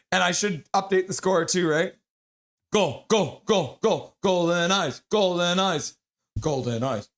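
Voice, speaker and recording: A man with a notably high-pitched voice does casual play-by-play for a hockey game on his live stream. He is excitable and loud when goals go in. He spends long stretches reading viewer comments aloud and laughing with them. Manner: excitable, shouts and whoops at goals. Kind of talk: amateur play-by-play and chat reading.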